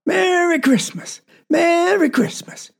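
A jovial country father with a Southern drawl, as a woman storyteller puts him on, hearty and booming. The voice is husky and mellow underneath. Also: expressive, normal speed. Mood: jubilant. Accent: Southern American. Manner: hearty drawl, shouts greetings.

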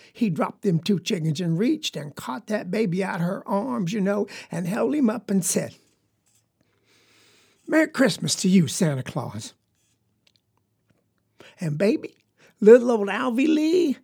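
A woman's voice: mid-range voice, creaky, a little mellow, breathy edge, heavily acted. A woman with a Southern US accent playing a young farm girl who tells a story in a rambling, folksy, confiding way. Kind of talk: dramatic monologue.

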